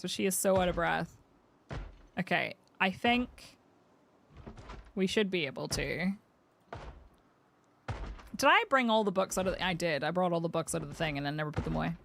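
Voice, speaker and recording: A woman's voice: fairly low pitch, normal speed, gravelly, long pauses, fairly bright tone, slight background noise. A woman chatting through gameplay commentary as a streamer, talking to her game character and swearing casually.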